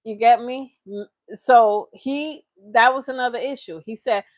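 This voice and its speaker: Woman, casual commentary host, mocking and playful, rambling, fairly high voice, dry close recording. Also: unhurried, dry recording. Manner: mocking, playful, rambling with invented nonsense words. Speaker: reaction channel host.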